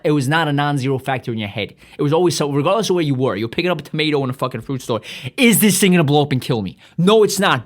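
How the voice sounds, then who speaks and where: A man hosting a podcast, ranting in a rambling, profane comedic monologue full of restarts. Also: fairly high pitch. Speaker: podcast host.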